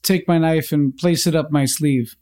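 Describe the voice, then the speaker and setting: A man's voice: a little high, steady tone, moderate pace, a little mellow. A man playing in a tabletop game, describing his moves in a hesitant, casual way. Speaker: player.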